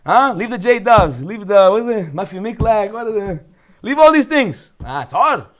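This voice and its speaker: Animated high-voiced rabbi with a Brooklyn accent. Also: male voice, normal speed. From Brooklyn, United States. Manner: joking, full of rhetorical questions. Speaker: rabbi teaching a weekly class. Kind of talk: lively Torah class talk.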